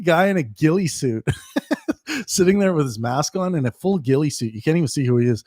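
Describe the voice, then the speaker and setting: A man's voice: a little high, animated, fairly quick, a little mellow, no room sound, studio quality. A man hosting a casual livestream Q&A, rambling with frequent restarts and chuckling as he answers viewer questions.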